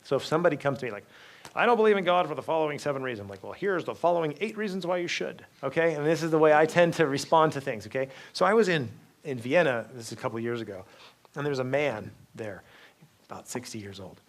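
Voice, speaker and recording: A man giving a university talk, telling stories lively with frequent asides, restarts and "okay?" check-ins to the audience. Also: mid-range voice, fast talker. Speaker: guest speaker. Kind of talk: university lecture.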